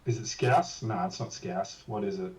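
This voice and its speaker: A man's voice: fairly low pitch, normal speed, a little mellow. An Australian man co-hosting a live stream, teasing and cheeky, heavy on slang. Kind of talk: casual live-stream chat. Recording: echoey, distant from the mic.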